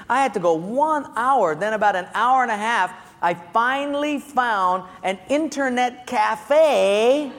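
Man, pastor, sermon, high voice, animated storytelling, long hall reverb. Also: a little hiss or hum. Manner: animated storytelling with acted-out quotes and laughter.

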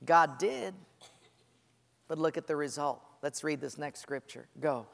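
A man's voice: a little high, measured pace, gravelly, in a large hall. A man preaching a sermon, telling stories with humor and acting out the voices of people praying and complaining. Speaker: pastor.

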